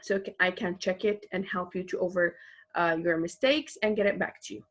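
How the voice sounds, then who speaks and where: A woman teacher giving a recorded online English lesson, explaining patiently and slowly, repeating each example with frequent fillers. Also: fairly low pitch, steady tone.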